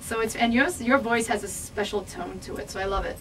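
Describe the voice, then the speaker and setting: A woman's voice: medium pitch, a little fast. Woman singer from New York, studio radio guest, bubbly and effusive, laughs easily, faint hiss. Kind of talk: casual radio interview.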